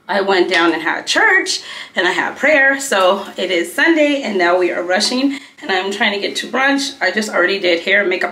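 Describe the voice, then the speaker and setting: A woman's voice: mid-range voice, roomy sound. A woman in her thirties, a beauty vlogger chatting casually while getting ready, telling stories and jumping from topic to topic. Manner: chatty, animated storyteller who jumps between topics.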